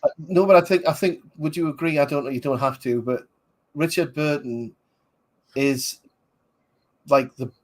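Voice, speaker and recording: A man's voice: on the high side, steady tone, normal speed, long pauses. A man, rambling casually as a podcast host reviewing a film, with many fillers. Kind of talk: casual movie commentary.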